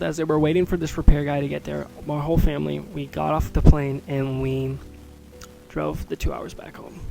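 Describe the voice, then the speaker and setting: A man's voice: a little high, gravelly. A young man hosting his own podcast, talking in a rambling, chatty and earnest way in a casual solo chat. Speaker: podcast host.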